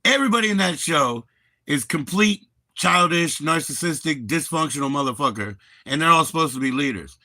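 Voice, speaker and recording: A man's voice: on the high side, lively intonation, brisk, bright, forceful tone, no room sound. A man hosting a livestream, chatting casually in a rambling, profane, laid-back way. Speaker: livestream host.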